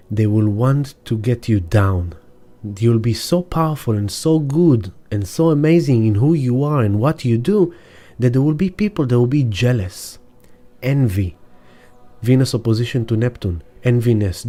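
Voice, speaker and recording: A man giving a casual weekly astrology talk in a reflective, halting way, with fillers and restarts. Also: medium pitch, warm tone. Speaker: astrologer and sound healer.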